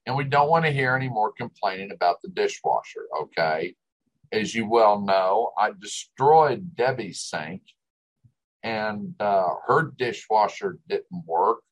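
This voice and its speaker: A man's voice: fairly low pitch, expressive, unhurried, rough recording. A man hosting a talk show, telling folksy teasing stories in a casual monologue. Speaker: radio show host.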